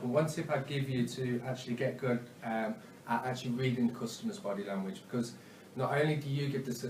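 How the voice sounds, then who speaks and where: A man's voice: mid-range voice, darkish tone, a little hiss or hum. A man giving a sales training talk, hesitant and full of ums and uhs, often checking in with "okay?". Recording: echoey room, mic at a distance.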